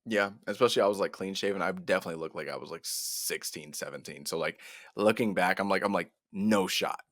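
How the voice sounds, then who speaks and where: A young man in his twenties, co-hosting a podcast and telling a story in casual chat, animated, laughing and repeating "I was like". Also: low-pitched, brisk, no room sound. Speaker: podcast co-host.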